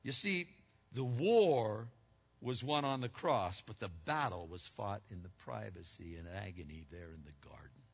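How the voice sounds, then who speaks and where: A man preaching a sermon as pastor. His delivery swings between loud, emphatic peaks and hushed, low passages. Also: lively intonation, unhurried, husky. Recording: muffled lo-fi sound with long reverb.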